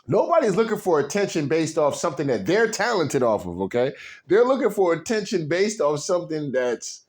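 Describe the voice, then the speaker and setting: A man ranting on camera in a profane, animated way, with constant slang fillers, indignant outbursts and low muttered asides. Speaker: video commentator. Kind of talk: unscripted rant to camera.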